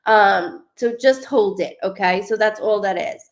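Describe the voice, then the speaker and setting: A woman's voice: medium pitch, unhurried. Profane rambling woman medium. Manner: rambling, profane, frequent restarts. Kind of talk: live psychic reading.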